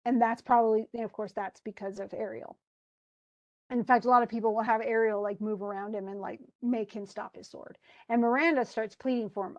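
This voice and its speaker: A woman's voice: a little high, fairly even intonation, brisk, a little mellow, no echo, highs cut off. A woman teacher casually explaining a play, chatty, restarting often and paraphrasing in slang.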